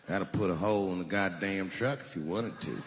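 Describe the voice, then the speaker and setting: A comedian putting on the voice of a drawling, deadpan gun-shop clerk in a hall with long reverb. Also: male voice, deep voice, normal speed, very noisy, voice pushed down.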